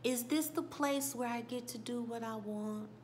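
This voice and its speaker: A woman's voice: fairly high pitch, normal speed, a little hiss or hum, pitched above the performer's own voice, lightly acted. Woman doing a shy little girl's voice. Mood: timid hopeful. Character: timid polite little girl, about seven.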